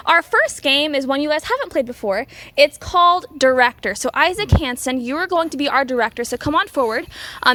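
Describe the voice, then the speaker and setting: A woman's voice: high-pitched, fairly bright tone, slight background noise. A young woman hosting a youth program in an upbeat, chatty way with many fillers. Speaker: program host.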